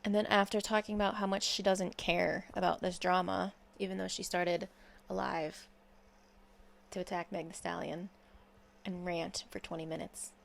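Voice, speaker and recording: A woman's voice: on the low side, level tone, normal speed, vocal fry. A young woman ranting in a blunt, sarcastic and profane commentary video. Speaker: commentary YouTuber. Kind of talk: casual commentary rant.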